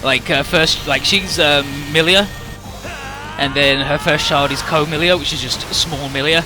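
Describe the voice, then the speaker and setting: A man's voice: fairly high pitch, fairly even intonation, a little slow. A young man streaming a game, rambling casually and profanely about the story over game music. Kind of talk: casual gaming commentary.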